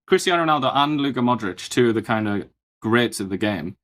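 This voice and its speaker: A man's voice: mid-range voice, lively intonation, a little fast, a bit bright. A man co-hosting a political talk show, speaking with dry, mock-serious sarcasm. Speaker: co-host. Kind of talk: political commentary chat.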